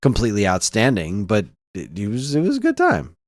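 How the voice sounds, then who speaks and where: A man's voice: lowish voice, wildly swooping pitch, brisk, no room sound. A man in his thirties co-hosting a podcast, chatting in an easygoing way and laughing often. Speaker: podcast co-host. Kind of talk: casual chat.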